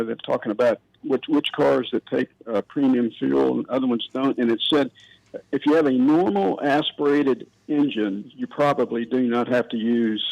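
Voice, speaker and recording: A male caller to a radio show asking a question hesitantly, with many pauses and fillers. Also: medium pitch, vocal fry, a little mellow, dry recording. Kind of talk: phone-in question. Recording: dull phone line.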